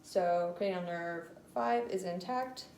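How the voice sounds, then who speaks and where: A woman talks slowly through a clinical exam, pausing often on fillers. Her voice is gravelly and mellow. The room is echoey, with faint background noise. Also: on the low side. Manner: hesitant, many fillers. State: slightly out of breath. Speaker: student doing a clinical neuro exam. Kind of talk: talking through an exam for video.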